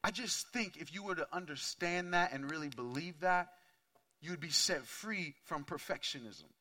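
A pastor in his thirties delivers a candid, conversational sermon packed with asides, swinging from quiet to loud and intense. His voice is on the high side at a normal speed.

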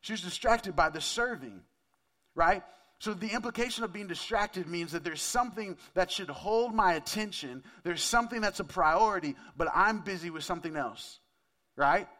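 High-voiced and sharp in tone, this pastor preaches at a normal speed with lively intonation. His sermon is casual and conversational, and he often questions his listeners directly.

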